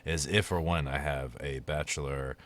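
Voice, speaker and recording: A man's voice: extremely low pitch, fairly even intonation, moderate pace, fairly bright tone. A man co-hosting a casual podcast, trading playful, boastful jokes. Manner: playful, boastful joking banter. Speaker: podcast co-host. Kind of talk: casual chat.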